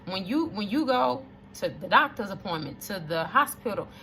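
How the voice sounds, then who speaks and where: A woman's voice: medium pitch, lively intonation, normal speed, bright, forceful tone, slight background noise. A woman, telling a personal story to viewers in an emphatic, preachy way and repeating lines for emphasis. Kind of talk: casual testimony to camera.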